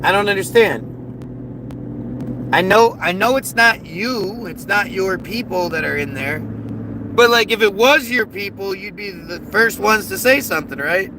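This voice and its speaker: High-voiced man ranting outdoors. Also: animated, unhurried, noisy background. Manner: profane, heated, restarts often. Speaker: streamer reading chat. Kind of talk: casual livestream rant.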